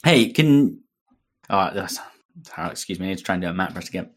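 A man's voice: low voice, fast. A man, hosting a podcast and reading fan fiction aloud, laughing as he goes. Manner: animated, breaks into laughter often. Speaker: podcast host.

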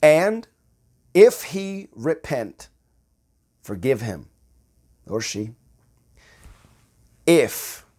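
Man, slightly high voice, unhurried informal preacher who repeats himself for emphasis. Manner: slow, conversational, repeats phrases for emphasis. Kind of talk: informal bible teaching.

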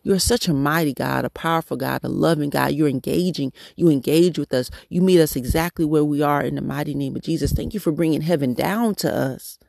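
A man with a slightly high, gravelly voice leads a devotional podcast prayer. He speaks in halting bursts and circles back to the same phrases as he encourages his listeners. The sound is dry and close, with no room echo. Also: a little mellow. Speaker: podcast host leading prayer.

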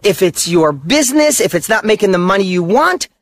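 A man's voice: high-pitched, sing-song, fairly quick. A middle-aged man giving a motivational talk, driving his points home with punchy, short, repeated statements. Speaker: motivational speaker.

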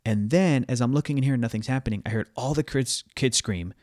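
A man's voice: medium pitch, fast talker, a little mellow, no room sound, clean studio sound. A man co-hosting a casual podcast chat, rambling with many fillers and restarts. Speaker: podcast co-host.

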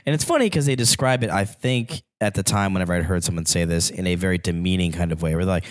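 A man on a podcast talking in an animated way, swearing heavily and repeating himself as he works out his point. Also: sits low, fast talker, few pauses. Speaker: podcast co-host. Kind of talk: casual podcast chat.

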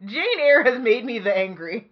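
A woman's voice: a little high, big pitch swings, normal speed, lo-fi sound. A woman co-hosting a podcast in casual chat, wry and indignant. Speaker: podcast co-host.

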